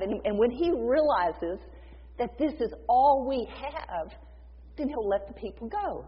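A woman preaching a sermon, retelling a scripture story in a lively, conversational way and acting out the dialogue. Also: on the high side, unhurried, breathy edge. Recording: dull echoey hall sound.

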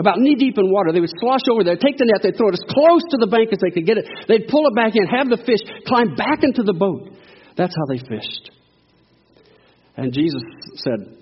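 A man preaching to a congregation, with a high voice and a breathy edge. He talks in a folksy style and keeps asking the crowd for agreement. The sound is dull and lo-fi, with a long echo from the church hall. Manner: folksy, call-and-response preaching. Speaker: guest preacher. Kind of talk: sermon. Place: church sanctuary.

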